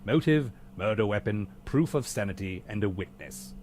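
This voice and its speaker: An actor playing a weary, dry-witted butler in a game, speaking in a formally polite, deadpan way. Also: male voice, on the low side, normal speed, slight background noise, lightly acted. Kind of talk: video game voice acting.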